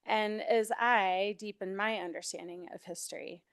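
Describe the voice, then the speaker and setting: A middle-aged woman presents to a city board with an upbeat, welcoming manner. Her voice sits at a middle pitch, and her delivery is formal yet friendly. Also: steady tone, moderate pace, clean tone. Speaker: education and outreach manager presenting. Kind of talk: formal presentation at a public meeting. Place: city board meeting room.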